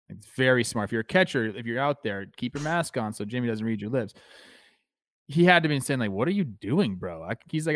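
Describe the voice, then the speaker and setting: A man's voice: medium pitch, dry recording, studio quality. A man co-hosting a sports podcast in loose casual chat, often repeating words. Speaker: podcast co-host.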